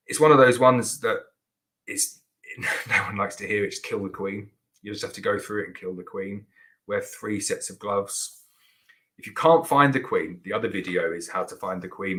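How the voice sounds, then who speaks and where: A man's voice: on the low side, a bit bright, low-quality recording. A man hosting a casual live question-and-answer show, chatty and rambling with lots of restarts and fillers. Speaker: beekeeper host answering viewer questions.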